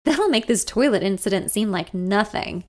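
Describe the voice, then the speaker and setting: A woman voicing an easygoing, amused young boyfriend who talks calmly and teases gently. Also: medium pitch, normal speed, close to an everyday voice. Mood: teasing. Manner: calm, teasing, nonchalant.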